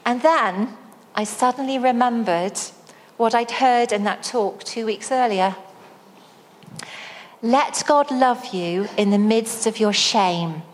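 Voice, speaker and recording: Woman, sermon, slow storytelling pace, fairly high voice, long hall reverb. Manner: slow, storytelling delivery with dramatic re-enactment. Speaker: speaker at a church service.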